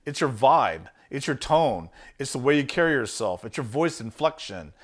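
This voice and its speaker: A man's voice: medium pitch, big pitch swings, normal speed. A man teaching sales in an emphatic, punchy monologue. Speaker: sales coach.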